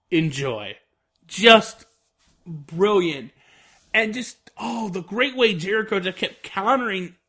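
Man, high voice, sharp bright tone, enthusiastic, rambling casual review. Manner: enthusiastic, rambling, many fillers. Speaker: wrestling reviewer.

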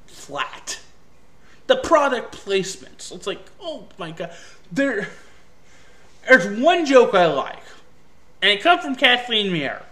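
A man's voice: sits high, fairly bright tone. Exasperated, foul-mouthed male film reviewer. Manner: exasperated, profane, sarcastic.

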